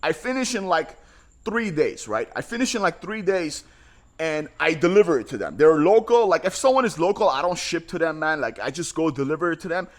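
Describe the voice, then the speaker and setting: A man's voice: a little high, big pitch swings, a little fast. A man who owns a small business tells a story casually, repeating himself and using slang like "bro" and "man".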